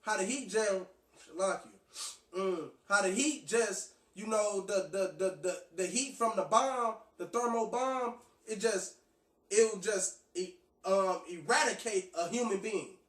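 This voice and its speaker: High-voiced preacher in an echoey room. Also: male voice, measured pace. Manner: loose, conversational preaching with many restarts and fillers. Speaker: street preacher. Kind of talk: preaching and reading scripture. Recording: echoey, from far off the mic.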